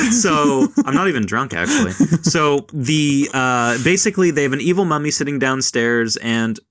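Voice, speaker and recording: A man's voice: medium pitch, very animated, fairly bright tone, no echo, clean studio sound. A man hosting a podcast, casually recapping a horror film in a loose, profane, rambling way and briefly acting out the characters. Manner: rambling, acts out characters in quick bits. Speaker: podcast host.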